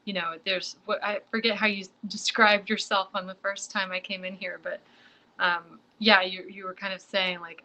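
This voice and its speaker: A woman's voice: medium pitch, little pitch movement, normal speed, bright, forceful tone. A woman guest on a live stream, chatting casually and reassuringly. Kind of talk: casual chat. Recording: dull lo-fi sound.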